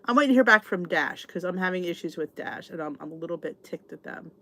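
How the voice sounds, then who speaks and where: A middle-aged American channel host with a fairly low, sharp, expressive voice talks quickly in a casual live chat. She answers viewers' comments in a chatty, exasperated way, restarting her sentences often.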